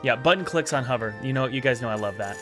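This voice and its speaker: A man's voice: mid-range voice, fast talker, music in the background. A man in casual livestream commentary, reviewing indie games in an upbeat, rambling way with many restarts.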